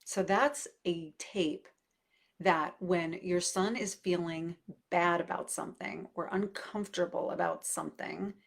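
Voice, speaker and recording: A middle-aged parenting coach answers a viewer's question in casual advice talk, speaking thoughtfully with fillers and restarts. Her lowish voice is unhurried and creaky.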